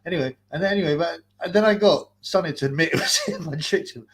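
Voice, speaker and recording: A man's voice: fairly high pitch, fast, fairly bright tone. A man ranting profanely on a live stream, mocking and laughing, his nose blocked so his breathing is heard. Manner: abusive, mocking, laughing, mimics callers.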